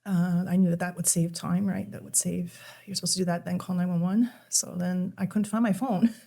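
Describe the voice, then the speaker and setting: A middle-aged woman speaks in a gravelly, mellow low voice. She tells her story haltingly and with deep emotion, stumbling and starting sentences over. Her tone stays conversational, as in a podcast chat. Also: fairly even intonation. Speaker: podcast guest.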